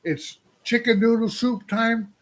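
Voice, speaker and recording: A man's voice: extremely high pitch, little pitch movement, unhurried. A man in his sixties venting on a casual livestream, rambling and putting questions to his viewers. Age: 60s. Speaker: trucker livestream host.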